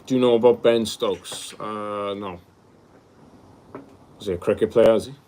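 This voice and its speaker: A young man from Wales, hosting a casual livestream, reading out viewer comments and answering them in a relaxed way, calling people bro. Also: on the low side, measured pace. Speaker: livestream host.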